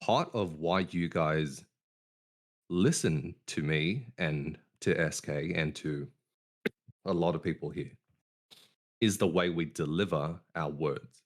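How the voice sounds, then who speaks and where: A man hosting a casual podcast over an online voice call. His voice is very low. He speaks deliberately and ends his phrases on a firm downward inflection. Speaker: podcast host.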